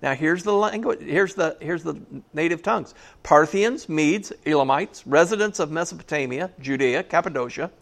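A man's voice: on the high side, normal speed, vocal fry, fairly bright tone. A man preaching a sermon in a church, conversational and jokey, often asking the congregation questions. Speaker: pastor.

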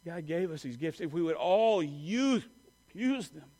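A man preaching to his congregation in a high, light voice. He talks conversationally, with fillers and quick self-corrections, and has the people repeat lines back to him. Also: lively intonation, dark tone. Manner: leads the congregation in call-and-response repetition. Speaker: pastor. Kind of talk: sermon.

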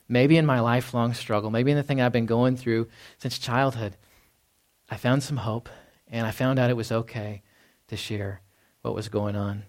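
A man preaching a sermon to a congregation in a conversational way, often acting out quotes and asking "right?". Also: medium pitch. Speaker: pastor. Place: church hall before a congregation.

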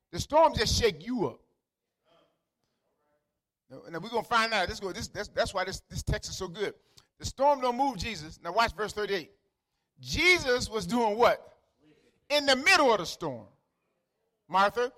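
High, bright-voiced preacher with dialect. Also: male voice, animated, unhurried, pauses often. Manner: conversational, repeats words, calls out to listeners by name; swings from quiet asides to loud emphatic lines. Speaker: pastor. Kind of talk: sermon.

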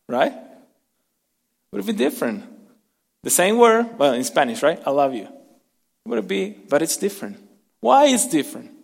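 High-pitched pastor man preaching, goes loud then real soft, big echoey church hall. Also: big pitch swings, normal speed, creaky, pauses often, breathy edge. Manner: dynamic preaching, drops to soft near-whispers for emphasis; calls for congregation to repeat words. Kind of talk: sermon.

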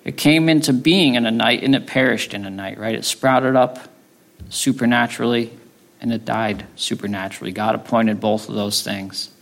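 A man's voice: medium pitch, normal speed, gravelly, a bit bright. A male pastor teaching a sermon in a conversational way, often checking in with his listeners. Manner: conversational teaching, frequent tag questions.

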